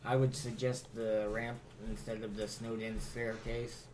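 A man's voice: fairly low pitch, flat delivery, measured pace, a little mellow, slight background noise. A man playing a tabletop game, easygoing and chuckling with friends. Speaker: player. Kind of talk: casual tabletop play. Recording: background music.

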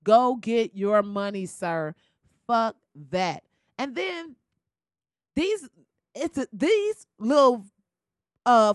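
A young woman rants for laughs in a bright, high-pitched voice, cursing freely and cracking herself up as she goes. She is recorded close and dry, with no room sound around her. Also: no room sound. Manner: loud, laughing, swearing, animated storytelling. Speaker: commentator. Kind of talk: profane comedic rant.

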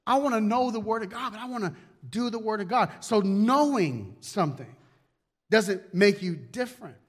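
A man's voice: high voice, lively intonation, moderate pace. A male pastor preaching a conversational sermon, repeating key words and acting out little asides.

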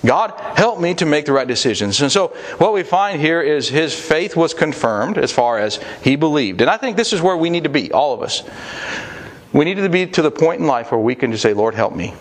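A man's voice: a little high, expressive, a little fast. A man preaching a sermon to fathers, earnest and plain-spoken, acting out quoted prayers as he teaches.

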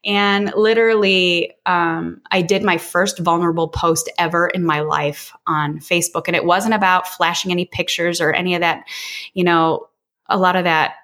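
A woman's voice: on the low side, flat delivery, moderate pace, a bit bright. Frank, casual woman in her forties. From Illinois, US. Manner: frank and casual, with mild swearing. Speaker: podcast guest. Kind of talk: candid personal storytelling.

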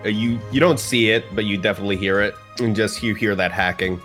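A man narrating a tabletop game as game master, relaxed and halting, with fillers. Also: lowish voice. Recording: faint background music.

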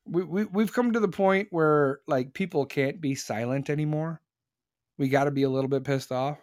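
A man in his forties holds forth on a casual podcast, his voice sitting somewhat high. He rambles and gets worked up, tripping over restarts as he pushes his points. The sound is close and dry. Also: moderate pace, a little mellow, no room sound. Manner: fired-up rambling rant, many restarts. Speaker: podcast host.

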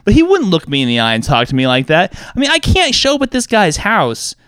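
A man's voice: high voice, huge pitch swings, brisk, a bit bright, smooth, no echo, studio quality. A man co-hosting a casual chat show, ranting with lots of profanity and mocking the people he quotes. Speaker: podcast co-host.

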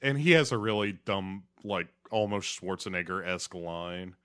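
A man's voice: sits low, animated, normal speed, a bit bright, clean tone. A man co-hosting a podcast, recapping in a laid-back casual chat and dropping into playful silly voices. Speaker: podcast co-host.

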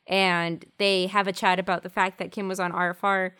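A woman co-hosting a podcast, recapping an episode casually and voicing characters' lines in a higher pitch. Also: normal speed, clear, resonant tone. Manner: lively, jumps high when quoting. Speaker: podcast co-host.

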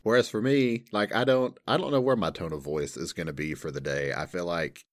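Man, very low voice, podcast co-host, good-humored casual chat, chuckling. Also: a little fast.

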